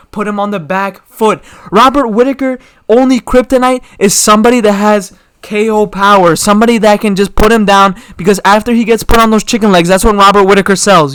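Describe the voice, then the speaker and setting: A man's voice: high voice, a bit bright, clean tone, dry recording. A young man hosting his own channel, giving casual, slangy opinion commentary full of rhetorical questions. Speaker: MMA commentary channel host.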